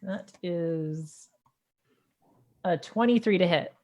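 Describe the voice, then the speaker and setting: A woman's voice: on the low side, slow, darkish tone. A woman playing in a tabletop game, casual and playful. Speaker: player.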